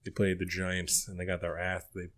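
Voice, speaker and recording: A man with a low voice co-hosting a relaxed podcast. He talks bluntly and swears freely as he chats with the main host. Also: moderate pace. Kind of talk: casual podcast chat.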